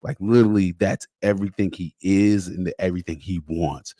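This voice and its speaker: Slangy, low-voiced podcast host. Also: male voice, moderate pace, no room sound, clean studio sound. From United States. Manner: animated, conversational, slangy, acts out dialogue. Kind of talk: casual monologue.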